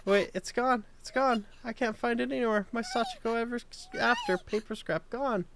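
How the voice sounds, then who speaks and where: A frightened schoolgirl wakes up alone and anxiously talks herself out of panic, as a streamer reads her lines from a game. The delivery is a touch higher than an everyday voice, yet not heavily acted. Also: sing-song, moderate pace, background noise. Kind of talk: reading game dialogue aloud.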